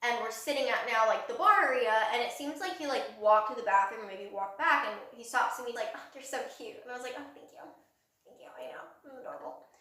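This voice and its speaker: A woman's voice: a little high, fast, pushed and bright. Young woman, casual gossip, giggly storyteller, echoey room, distant mic. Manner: chatty storytelling, lots of "like", giggly. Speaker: podcast co-host.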